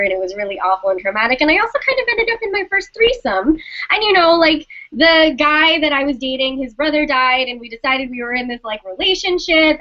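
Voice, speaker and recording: A young woman telling a personal story casually on a stream, animated and swearing, acting out the dialogue. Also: sits high. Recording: dull lo-fi sound.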